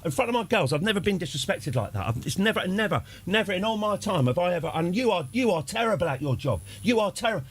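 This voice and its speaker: A man's voice: high voice, big pitch swings, fast, few pauses, husky, pitched above the performer's own voice, heavily acted. A man putting on a ranting British dad. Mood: indignant. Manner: repetitive, self-righteous ranting. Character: indignant young dad berating a barman.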